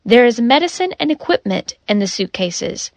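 A woman voicing a quick-witted female doctor in a storybook reading, speaking earnestly and insistently. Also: fairly high pitch, very animated, no room sound.

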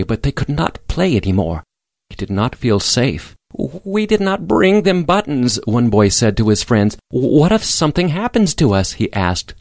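A man reads a simple children's story aloud at a plain, measured pace. His voice is mid-pitched and the recording is dry and close. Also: darkish tone, no echo. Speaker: narrator. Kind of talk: scripted audiobook narration.

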